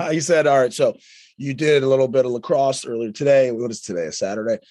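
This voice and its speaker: A man interviewing a guest casually, talking in halting phrases full of restarts. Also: mid-range voice, dark tone. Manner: halting, lots of fillers and restarts.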